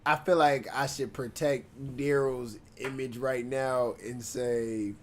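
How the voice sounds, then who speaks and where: Host: man, mid-pitched voice, laid-back, slangy, faint background hum. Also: fairly even intonation, takes it slowly. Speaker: streamer host. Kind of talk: casual live-stream chat.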